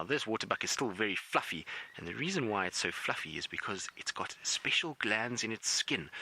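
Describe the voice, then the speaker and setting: A man's voice: lowish voice, sharp tone, a little hiss or hum, rough recording. A man working as a safari guide, explaining animal facts to viewers before handing over. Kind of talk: wildlife commentary.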